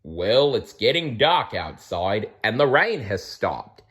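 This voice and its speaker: A kindly old-fashioned wombat who loves telling stories, as a man reads him. His voice is cheerful and only slightly raised, with a warm, unhurried pace. It sounds close to a plain reading voice, just a touch brighter. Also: fairly low pitch, sing-song, full character voice. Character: kindly storytelling male wombat. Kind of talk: storybook reading.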